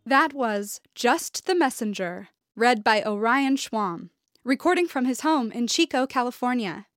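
Woman host with clear, measured announcements. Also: on the high side, lively intonation, a bit bright, dry recording, clean studio sound, soft background music. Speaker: podcast host and artistic director.

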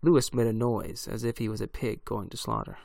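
A man narrating a horror story in a measured, deliberate way. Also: lowish voice, creaky, a little mellow, no room sound, studio quality.

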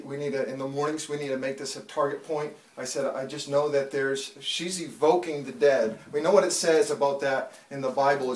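A man in his thirties giving a fervent testimony in church, building from storytelling to loud, pleading prayer. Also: on the high side, roomy sound, far from the mic. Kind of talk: preached testimony.

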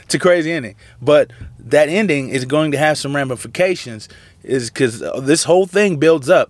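A man casually retelling a Bible story in slangy, animated talk, acting out the characters' lines. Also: medium pitch, no echo. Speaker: Bible study teacher.

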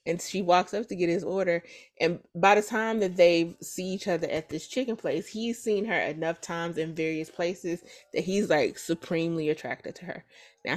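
A woman hosting a podcast who retells a story in a casual, animated and profane way. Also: lowish voice. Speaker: podcast host. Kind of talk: casual chat.

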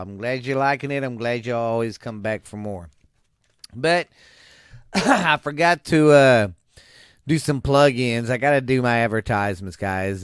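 A man's voice: medium pitch, clean tone, dry recording, studio quality. A man hosting a podcast, talking in a folksy, loose, rambling way. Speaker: podcast host. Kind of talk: casual podcast chat and joke ads.

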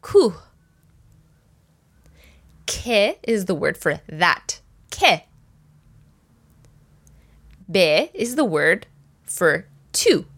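A woman teaching a language lesson, patiently breaking phrases down and repeating each word slowly for learners. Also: lowish voice, very animated, a bit bright.

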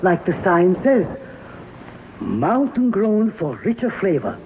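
An actor playing a cheery middle-aged husband in a vintage coffee commercial. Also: male voice, high-pitched, very animated, slow, heavily acted. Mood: salesy. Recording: dull lo-fi old ad audio with faint hiss.

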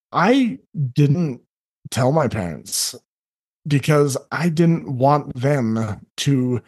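Earnest middle-aged guy on a podcast, normal pitch, acts out other people in his stories. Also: a little mellow. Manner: earnest storyteller who voices others in quick asides. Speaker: guest, life coach. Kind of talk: candid podcast conversation.

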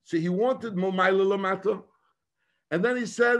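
A man, a rabbi, giving a talk in English mixed with Yiddish, halting and repeating himself, then rising into emphatic bursts. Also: sits high, fairly bright tone.

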